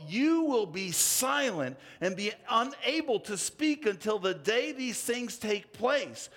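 A man voicing a solemn male angel messenger in a sermon, speaking slowly and sternly as he proclaims. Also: very high-pitched, fairly bright tone, exaggerated voice.

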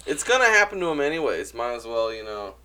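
A man's voice: medium pitch, very animated, fast, bright, forceful tone, smooth. A man in casual podcast chat, blunt and swearing, musing aloud about people.

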